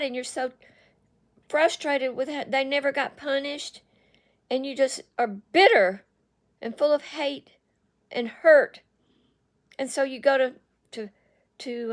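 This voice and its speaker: A woman giving an earnest talk about breaking addiction, speaking directly to the listener and repeating phrases for emphasis. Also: high-pitched. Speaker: online speaker on addiction recovery.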